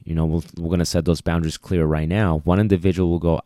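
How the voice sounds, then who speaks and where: A man's voice: deep voice, fairly even intonation, fast, few pauses, mellow, no room sound, studio quality. A man who trains dogs, talking casually and repeating himself as he explains puppy biting. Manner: conversational, repeats himself, voices the puppy's thoughts. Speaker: dog trainer. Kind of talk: casual instructional talk.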